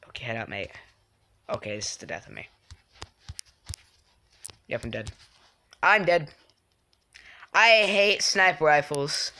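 A young man casually commenting on his own game live, excitable and quick to get frustrated at other players. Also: a little high. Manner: excitable, swings from mumbling to yelling in frustration. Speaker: game streamer.

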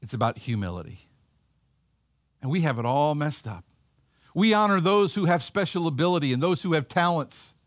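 High-voiced man preaching conversationally. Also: sing-song, normal speed, pauses often, no echo, clean studio sound. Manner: conversational preaching, acting out voices in the Bible story. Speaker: pastor. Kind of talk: sermon.

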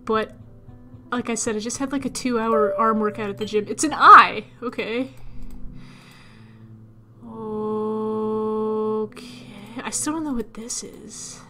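A woman's voice: fairly high pitch, fairly even intonation, slow, long pauses, over music. A young woman casually commenting as she plays a puzzle game, chatting to her viewers and muttering to herself. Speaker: let's player.

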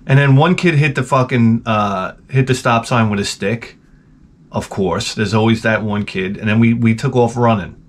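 Animated New guy telling stories. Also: mid-range voice, normal speed. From New York. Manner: animated, profane, sarcastic asides. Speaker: gaming channel host. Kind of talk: casual rambling storytelling.

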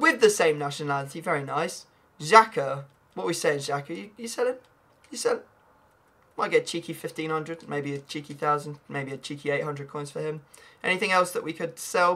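A man giving chatty, excitable gameplay commentary, his voice hoarse and a little gravelly. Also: on the high side. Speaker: gaming YouTuber.

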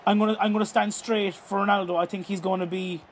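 A young Irish man giving live, excitable commentary on a football video game, swearing and shouting at the action. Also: sits high, quick pace, slight background noise. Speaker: gaming YouTuber.

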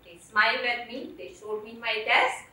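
A woman with a high, bright voice telling her own story on stage, earnest and deliberate. The sound is very echoey and comes from well back off the mic. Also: little pitch movement, distant mic. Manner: earnest, emotional, deliberate phrasing. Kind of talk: personal storytelling performance.

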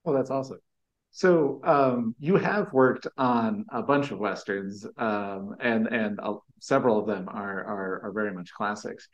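Halting male interviewer, dull audio. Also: lowish voice. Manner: halting, many fillers and restarts. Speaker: interviewer, host. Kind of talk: interview questions.

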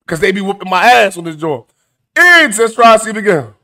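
Hosting a comedic news commentary show, a man reacts to clips in an animated, profane and mocking way. His voice is high-pitched and he talks a little fast.

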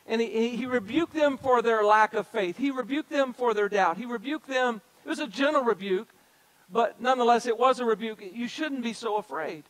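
A man's voice: extremely high pitch, rough recording. A man as a pastor preaching a sermon, speaking directly to the congregation and repeating key phrases for emphasis. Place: church sanctuary.

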